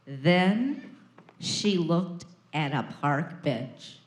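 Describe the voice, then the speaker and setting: Expressive woman reading a storybook. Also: low voice. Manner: expressive storytelling with dramatic pauses. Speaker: preschool teacher. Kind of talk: reading a picture book aloud. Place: preschool classroom. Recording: echoey classroom.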